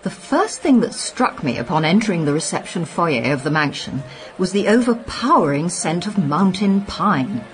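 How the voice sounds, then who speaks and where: A woman narrating a story in the first person, crisp and wry. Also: lowish voice, sing-song, normal speed, low-quality recording. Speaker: audiobook narrator.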